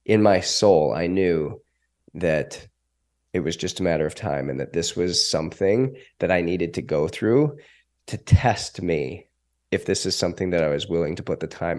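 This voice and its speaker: A man's voice: low voice, normal speed. Emotional man telling a story. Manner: emotional, animated storytelling with acted quotes. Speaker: podcast guest. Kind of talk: storytelling in an interview.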